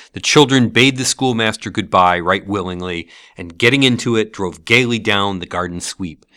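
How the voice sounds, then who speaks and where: A man reading a classic novel aloud as an audiobook, with expressive storytelling. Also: low-pitched, no echo, studio quality. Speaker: narrator.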